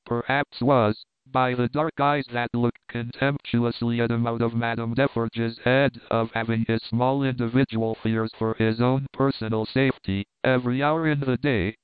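A man narrating an audiobook in an even, measured reading. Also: medium pitch, clean tone, no echo. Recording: tinny phone-like dry recording.

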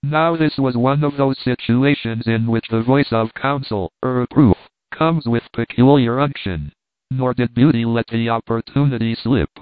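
A man reading an old sea novel aloud as an audiobook narrator, at a steady, measured pace. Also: medium pitch, dry recording. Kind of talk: scripted narration. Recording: tinny phone-like dry sound.

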